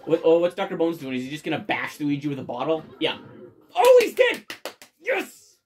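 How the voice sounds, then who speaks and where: Excitable, swearing let's play gamer. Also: mid-range voice, quick pace. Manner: excitable, loud bursts of cheering, frequent swearing. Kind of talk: game commentary. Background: faint game music.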